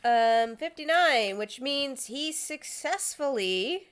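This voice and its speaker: A woman running a tabletop game as game master, narrating in a brisk, blunt, teasing way. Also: fairly high pitch, animated, a bit bright.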